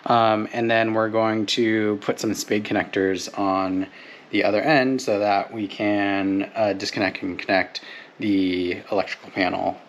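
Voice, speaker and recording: A man's voice: on the low side, level tone, unhurried, highs cut off, a little hiss or hum. A man in a casual how-to vlog, explaining step by step with fillers while working on a truck in a driveway outdoors.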